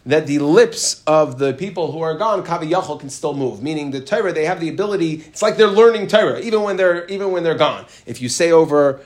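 Animated man teaching a Talmud lesson. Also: brisk, few pauses. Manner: reads Aramaic text then explains in English, animated rises in pitch. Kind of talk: Gemara lesson, reading and explaining.

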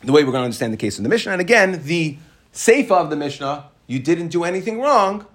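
Male Talmud teacher, fairly high voice, explanatory, keeps checking "right?" with listeners. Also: sing-song, quick pace, a bit bright. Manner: mixes English with Hebrew and Aramaic terms. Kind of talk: Talmud study lesson.

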